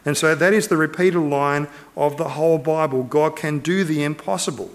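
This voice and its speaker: A pastor preaching a sermon with earnest, emphatic delivery, driving points home with short repeated urgings. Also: male voice, on the high side, moderate pace.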